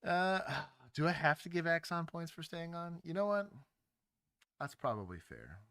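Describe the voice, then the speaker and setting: A former police officer from Texas, speaking, hosting a casual livestream and explaining things wryly. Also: male voice, on the high side, big pitch swings, normal speed, fairly bright tone, dry recording, studio quality. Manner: wry, explanatory, chatty.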